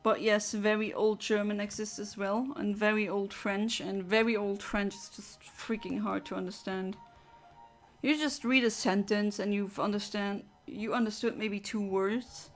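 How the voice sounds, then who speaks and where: A woman's voice: medium pitch, fairly even intonation, measured pace, soft background music. A woman chatting casually with her viewers during a game livestream, rambling and answering chat. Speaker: streamer.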